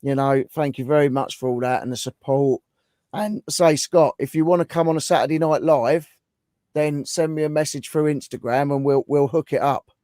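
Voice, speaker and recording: A man hosting a casual livestream, thanking viewers warmly while his voice goes hoarse. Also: fairly high pitch, fairly even intonation, moderate pace, no echo, studio quality. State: voice going hoarse. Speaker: livestream host.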